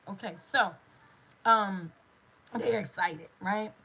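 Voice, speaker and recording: A middle-aged woman gives a motivational talk as a doula and manifestation coach. She repeats her phrases like a preacher and drops into lively asides. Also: a little high, a little slow, a little hiss or hum, low-quality recording.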